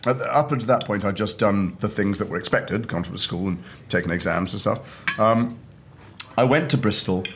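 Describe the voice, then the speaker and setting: A middle-aged man from Liverpool, a guest actor telling animated stories over a meal and acting out quoted voices. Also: on the low side, normal speed, a little hiss or hum. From north of England, Liverpool. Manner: animated storyteller who acts out quoted voices. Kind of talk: casual chat over a meal. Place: restaurant table.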